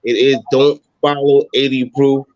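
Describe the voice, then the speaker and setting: A man's voice: medium pitch, flat delivery, unhurried, darkish tone, no room sound. A man co-hosting a podcast, speaking in an easygoing, laid-back way. His voice is dry and close but dull and lo-fi, like a video call feed. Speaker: podcast co-host. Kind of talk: casual podcast chat.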